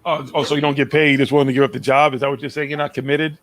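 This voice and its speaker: A man's voice: mid-range voice, level tone, very fast. A man with a Boston accent hosting a live stream, teasing and swearing in casual chat. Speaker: stream host.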